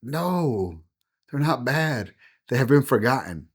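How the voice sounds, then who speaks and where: This American man is a pastor guesting on a laid-back podcast, and his delivery is earnest and preacherly. He has a mid-range, slightly rough voice, very animated but slow, and he performs quoted voices.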